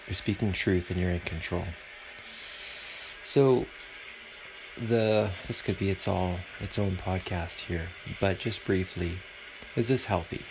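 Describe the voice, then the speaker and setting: A man's voice: deep voice, creaky, noisy background. A man hosting a podcast alone at home, talking in an earnest, preachy and rambling way. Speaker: podcast host. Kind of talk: casual podcast monologue.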